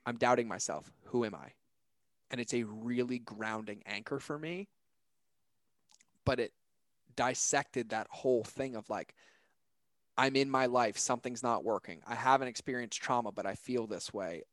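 A man's voice: medium pitch, moderate pace, fairly bright tone, dry recording. A man, a podcast guest, telling a personal story in an earnest, emphatic way and acting out the quotes.

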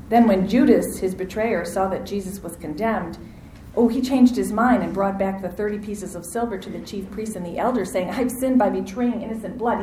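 A woman's voice: medium pitch, slight background noise. Woman preaching in an echoey room. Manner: animated, acts out quoted voices, asks audience to respond. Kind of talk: sermon.

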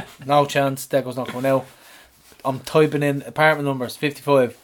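A man, co-hosting a podcast and animatedly retelling his week, swearing and shouting out the lines he quotes. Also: mid-range voice, flat delivery, a little fast. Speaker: podcast co-host. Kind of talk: casual storytelling chat.

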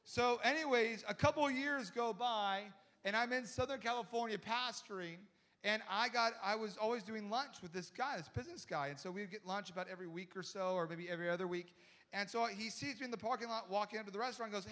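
A man, a pastor, telling a humorous story in a sermon, chatty and animated, acting out the people in it. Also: high-pitched, fairly quick, big-room sound. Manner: animated, acts out voices of people in his story; chatty, with many "like" and restarts.

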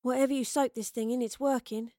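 A woman's voice: a little high, fairly even intonation, brisk, warm tone, dry recording, studio quality, pitched above the performer's own voice, lightly acted. A woman doing a weary, blunt young woman. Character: tired, blunt young woman traveler, grumpy.

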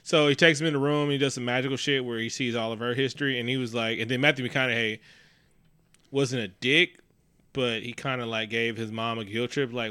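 A young man recaps a film in a loose, profane ramble, jumping between plot and jokes. His voice is bright and smooth, with a close, dry sound. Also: medium pitch, fairly even intonation, brisk, no room sound. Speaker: podcast co-host. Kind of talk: casual movie recap chat.

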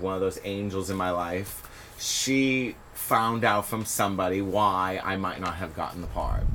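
A man guest on a podcast, telling stories in a casual interview, animated and often laughing as he acts out what people said. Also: on the low side, noisy background. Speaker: podcast guest, stage performer.

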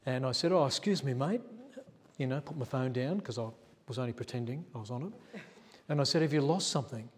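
A man's voice: mid-range voice, expressive, a little fast, breathy edge. A male pastor, telling a story in a sermon and acting out the quotes in a chatty way. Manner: chatty, acts out quotes, laughs at himself. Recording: long church reverb.

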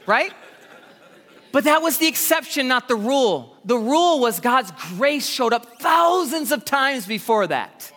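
Male pastor, high bright voice, animated sermon, long church-hall reverb. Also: moderate pace, hardly any pauses. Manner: animated preaching with sudden pitch jumps and acted asides.

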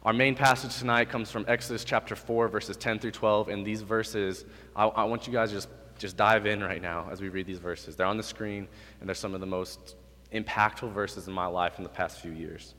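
A man in his twenties delivers a sermon in a hall with a long, lingering reverb. His voice sits on the low side. He swings between hushed, low asides and loud, high-pitched bursts. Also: normal speed. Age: 20s. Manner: animated, swings from quiet to loud and high when acting out God's lines. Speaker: youth pastor. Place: hall with an audience.

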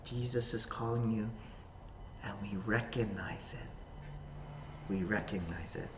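A man pastor preaching a sermon to a camera, swinging from hushed whispers to sudden shouts. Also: fairly low pitch, measured pace. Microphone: facing a camera. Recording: echoey hall, faint room noise.

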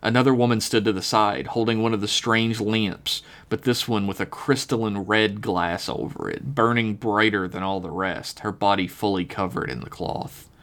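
A man reading his own written story aloud on a podcast, relaxed, slowing down on the eerie details. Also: fairly low pitch.

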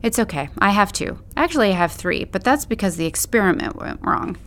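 A woman's voice: mid-range voice, animated, fairly quick, a bit bright, close to an everyday voice. A woman voicing a playful, theatrical young man who talks in a mock-grand, teasing way. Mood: reassuring.

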